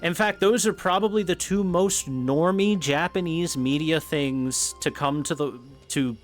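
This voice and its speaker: A man's voice: a little high, a little slow, faint music behind. Rambling male streamer, swears freely. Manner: rambling, swears freely, laughs at own points. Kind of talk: casual commentary while gaming.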